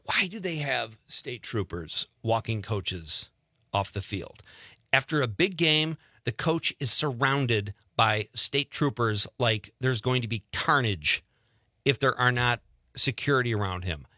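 A man's voice: medium pitch, a little slow, no room sound, studio quality. A man with a Wisconsin accent hosting a casual radio talk show, reading listener messages and telling jokey stories. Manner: animated, jokey storytelling.

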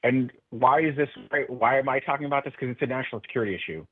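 This male political guest talks by phone in a radio interview, earnest and passionate, restarting often. His mid-range voice is husky and rapid-fire, with no echo on the tinny phone line.

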